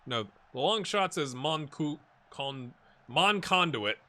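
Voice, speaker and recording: A man casually commentating his own football management game, chatty and rambling, with excited bursts at goals. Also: fairly high pitch, slow pace. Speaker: gaming YouTuber. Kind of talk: casual let's-play commentary.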